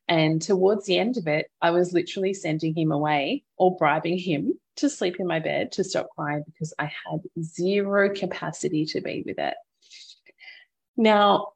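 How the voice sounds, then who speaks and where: A woman hosting a podcast, candidly recounting a hard parenting moment and offering gentle advice to listeners. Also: on the low side, vocal fry, slightly rough. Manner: open, reflective storytelling with frequent laughter. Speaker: podcast host and mother. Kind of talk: candid personal podcast talk.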